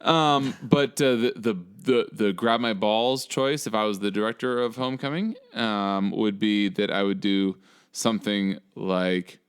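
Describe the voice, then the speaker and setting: A man's voice: fairly low pitch, unhurried, smooth. A young man co-hosting a podcast in casual chat, profane and sarcastic, rambling with lots of fillers. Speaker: podcast co-host.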